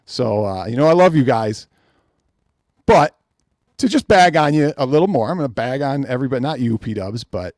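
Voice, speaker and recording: A man's voice: medium pitch, expressive, moderate pace, a little mellow, no echo, clean studio sound. A man hosting a live-streamed gaming podcast, ranting in an exasperated way, repeating himself and reading out names from the chat. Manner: exasperated, repetitive, reads chat names aloud. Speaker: podcast host.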